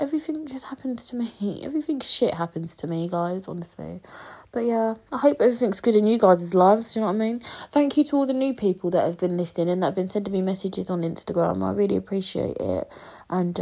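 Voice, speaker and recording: A woman's voice: mid-range voice, brisk, creaky, warm tone, husky. Downcast young woman venting. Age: 20s. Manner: rambling, swears freely, many fillers. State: sick, drowsy and upset. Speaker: podcast host. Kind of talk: casual solo podcast chat.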